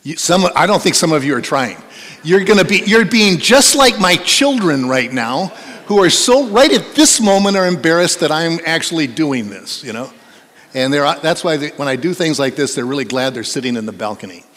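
Long hall reverb fills this recording of a middle-aged pastor in a church sanctuary, who keeps his sermon conversational and playful while urging the congregation to join in. He speaks at normal speed, a little high and a bit bright, with lively intonation.

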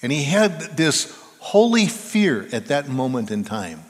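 Male pastor, unhurried sermon delivery that swells and drops, long hall reverb. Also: medium pitch, big pitch swings. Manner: preaching with swings between hushed and loud emphatic delivery.

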